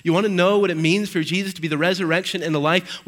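A man with a fairly high voice preaches an Easter sermon in a church. His delivery swings from forceful, ringing emphasis down to quiet, low-key stretches, and he reads scripture aloud with dramatic weight. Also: steady tone, fast talker, hardly any pauses, poor audio. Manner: dynamic preaching, swinging from loud emphasis to hushed low passages. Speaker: pastor.

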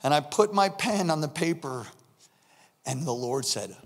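Animated high-voiced man preaching in a hall. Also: measured pace. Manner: animated, acts out dialogue, swings from shouting to hushed. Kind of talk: sermon with personal story.

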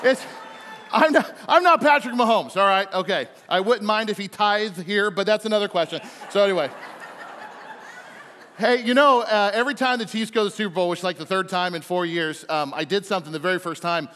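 A man with a notably high voice preaches a loose, good-humored sermon, breaking off for quick jokes and stumbling through fillers. He is miked in a big church sanctuary, and a long hall reverb trails every phrase. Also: bright, forceful tone, slight background noise. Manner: chatty and playful, with frequent fillers and quick jokes. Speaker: pastor. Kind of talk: casual, joking sermon to a congregation.

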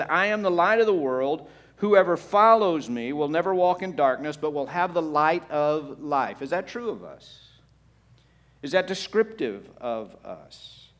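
Preaching to his congregation, a male pastor alternates quiet, low-voiced moments with loud, emphatic bursts and asks them rhetorical questions.

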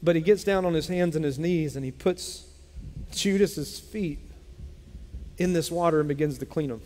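A man preaching a sermon as pastor, telling a Bible story in an animated way and acting out its characters. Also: fairly high pitch, moderate pace. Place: church sanctuary. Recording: long hall reverb.

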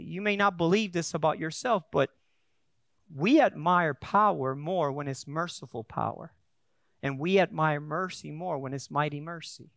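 A man's voice: on the high side, moderate pace, creaky, a bit bright, no room sound, clean studio sound. A male pastor preaching a sermon, telling a story in a conversational way with frequent restarts, then building to emphatic preaching. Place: church.

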